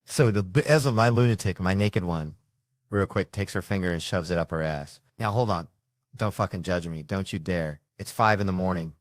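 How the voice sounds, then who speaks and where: Male stand-up comic with a lowish voice, profane and rambling delivery, dry sound. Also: normal speed, dry recording. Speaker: stand-up comedian. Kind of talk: stand-up set.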